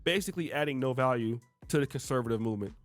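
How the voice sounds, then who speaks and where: A man's voice: mid-range voice, animated, rapid-fire, dry recording, faint music behind. A man hosting a reaction video, explaining clips in a conversational way. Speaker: host. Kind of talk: reaction commentary.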